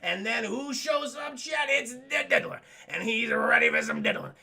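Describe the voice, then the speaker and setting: A man hosting a live stream, retelling a cartoon episode to his chat in a rambling, profane, animated way. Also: extremely high pitch, normal speed, gravelly. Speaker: livestream host reviewing cartoons. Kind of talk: casual streamed recap with chat.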